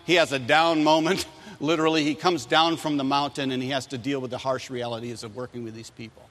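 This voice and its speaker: A man preaching a sermon to young people, animated and telling stories that he acts out in loud voices. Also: medium pitch, brisk, big-room sound, soft background music.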